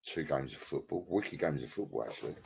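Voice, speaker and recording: Gravelly low-voiced man streaming. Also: animated, a little fast. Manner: rambling, crude and profane, banters with chat by name. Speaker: live-streamer chatting with viewers. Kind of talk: casual live-stream chat. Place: at home in his flat. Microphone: headset. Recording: lo-fi, dull sound.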